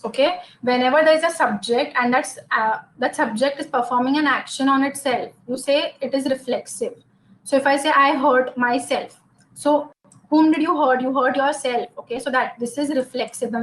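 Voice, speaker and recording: A woman gives a grammar lesson, with a high-pitched voice. She explains each point patiently, step by step, and checks in with the class by asking "okay?" after nearly every example. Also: slight background noise, low-quality recording. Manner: explanatory, says "okay?" often. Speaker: English grammar teacher. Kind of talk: classroom lecture.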